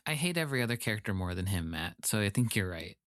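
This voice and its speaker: A man with a fairly low voice chats casually as a podcast co-host. He is wry, laughs easily, and mimics characters when quoting them. The recording is dry and close. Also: sing-song, fast, fairly bright tone, no room sound. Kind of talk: casual chat.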